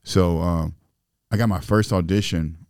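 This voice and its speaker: Deep, gravelly man telling his story. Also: steady tone, measured pace, darkish tone, no echo, clean studio sound. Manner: loose, profane street talk with many fillers. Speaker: interview guest. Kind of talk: casual podcast storytelling.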